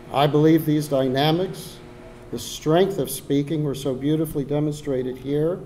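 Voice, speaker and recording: A man's voice: fairly high pitch, warm tone, a little hiss or hum. Earnest older Texan man at a podium. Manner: heartfelt, earnest, with occasional repeated words and restarts. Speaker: donor giving a dedication speech. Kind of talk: ceremonial speech from prepared remarks. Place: ceremony hall.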